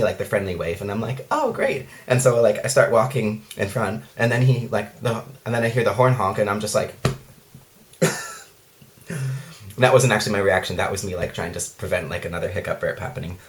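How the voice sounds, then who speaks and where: A young man chatting casually while eating on camera, rambling and self-mocking, full of fillers and acted-out quotes. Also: on the low side. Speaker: vlogger. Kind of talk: casual mukbang chat. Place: his room at night.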